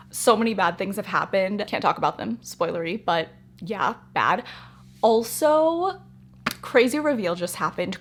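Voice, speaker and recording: A young woman talking casually to camera in a reading vlog, gushing and emphatic, speaking in excited bursts. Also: medium pitch. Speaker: reading vlogger.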